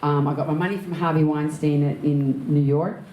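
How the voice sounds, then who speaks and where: Lively Australian woman telling stories, roomy hall. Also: low-pitched, normal speed. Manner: lively, laughs often while telling anecdotes. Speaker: actor and director, interview guest. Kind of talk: candid storytelling in an onstage conversation.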